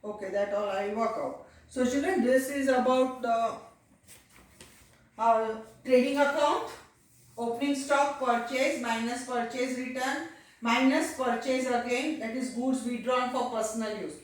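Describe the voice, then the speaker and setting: A woman teacher with an Indian English accent walking a class through accounts step by step, often pausing with "uh" and "okay". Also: a little high. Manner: explains step by step, addresses children, frequent "uh" and "okay". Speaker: commerce teacher. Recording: echoey room, far from the mic.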